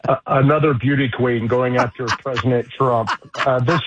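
A man's voice: mid-range voice, fairly even intonation, normal speed, noisy background. A man speaking as a radio guest, blunt and emphatic in combative political commentary, heard over a phone. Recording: tinny phone line.

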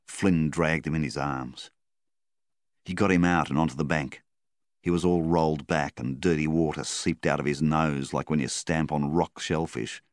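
A man with a very deep voice narrates a story at a calm, measured pace. The recording is close and dry, with no room sound. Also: no echo. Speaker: story reader. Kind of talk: audiobook narration.

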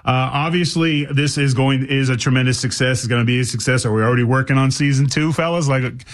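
Playful joking radio host. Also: male voice, medium pitch, fast talker. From Boston. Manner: playful and jokey, stumbling over questions. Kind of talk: casual radio interview.

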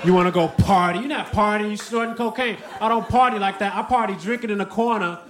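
A man performing a stand-up comedy set with a relaxed, laid-back delivery. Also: sits high, fast talker. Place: comedy club stage. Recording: noisy live comedy club recording.

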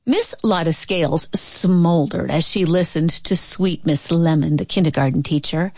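A woman reading a picture book aloud in an expressive, playful way. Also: on the low side, measured pace, hardly any pauses, no echo. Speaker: storybook reader.

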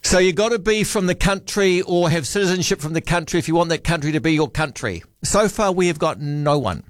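A man's voice: a little high, lively intonation, brisk, no room sound, studio quality. A man hosting a radio phone-in, chatting and musing aloud. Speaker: radio host. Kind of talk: casual radio chat.

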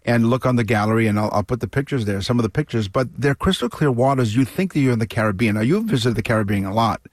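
A man from Canada co-hosting a radio talk show, telling a travel story in a chatty, animated way with frequent restarts. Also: medium pitch, fast, dry recording, clean studio sound.

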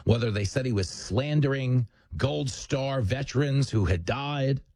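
Male host, husky voice, dry close studio sound, combative monologue, joking. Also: medium pitch, a little slow, darkish tone, no echo. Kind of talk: political commentary monologue.

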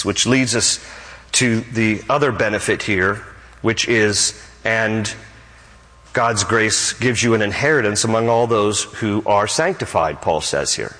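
A man's voice: fairly low pitch, a little slow, bright, forceful tone, in a large hall, poor audio. A man pastor preaching a sermon with emphatic, climbing exclamations.

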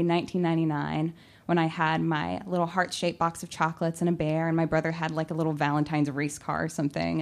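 A young adult woman telling a personal story, animated and acting out her own shouting. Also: low voice, creaky. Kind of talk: personal story told to an audience.

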